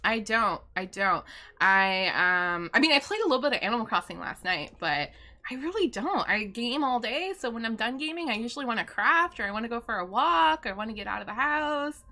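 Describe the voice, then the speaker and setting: A woman's voice: fairly high pitch, expressive, a little fast, pushed and bright. A middle-aged woman streaming live from home, chatting casually, answering viewer questions and laughing often.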